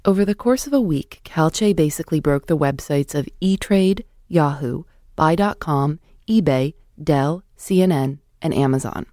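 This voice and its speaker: A woman hosting an audio documentary, narrating in a measured scripted way and putting questions to her guest. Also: deep voice, dark tone, dry recording, clean studio sound. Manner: measured, clear storytelling narration. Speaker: host and narrator.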